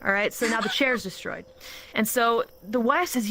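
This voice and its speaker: A woman telling a story in casual chat with friends, playful and animated, with many asides. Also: on the high side, normal speed. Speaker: storyteller among a group of streamers.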